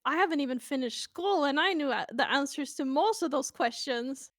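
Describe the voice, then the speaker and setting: A woman's voice: high-pitched, moderate pace, dry recording, studio quality. A woman from Sweden with a Swedish accent, chatting playfully and casually with stream viewers over a voice call. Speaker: guest on a stream.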